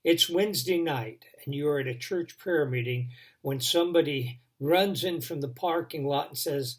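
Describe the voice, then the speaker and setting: A man telling a dramatic devotional story, building tension and then dropping to a hush. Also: a little high, normal speed. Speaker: devotion speaker.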